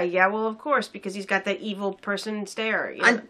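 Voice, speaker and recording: A woman's voice: medium pitch, fairly even intonation, moderate pace, pushed and bright. A young woman casually reviewing a film in a sarcastic, rambling way with many fillers.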